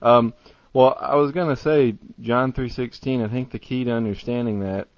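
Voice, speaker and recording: A man's voice: medium pitch, fairly even intonation, moderate pace, no echo, lo-fi sound. A man calling into a Bible study, casual and a little out of breath. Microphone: call or conference line.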